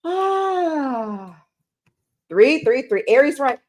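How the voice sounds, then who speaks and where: A woman's voice: on the high side, expressive, normal speed, slight background noise. A woman hosting a casual live-stream tarot reading, chatting and greeting viewers with pet names. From Canada.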